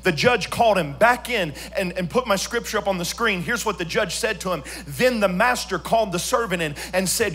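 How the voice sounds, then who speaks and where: A man preaching a church sermon as pastor, swinging from quiet storytelling to sung, shouted emphasis. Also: sits high, animated, brisk, hardly any pauses.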